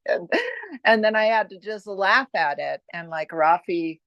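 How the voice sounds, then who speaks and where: A woman's voice: low voice, lively intonation, unhurried, vocal fry, a bit bright, no room sound, muffled recording. A woman in an online spiritual study group, candidly sharing a personal moment and laughing at herself. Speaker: group participant.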